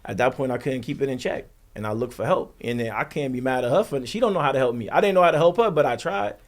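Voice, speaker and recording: A man's voice: mid-range voice, fast talker. A middle-aged man in casual podcast talk, telling a personal story earnestly in plain street slang.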